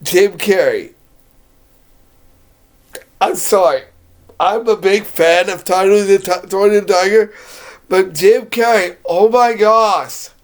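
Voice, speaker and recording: For his video blog, a man gushes in a relaxed way about a favorite film, wandering off track and laughing often. He speaks slowly in a high-pitched voice, leaving long pauses.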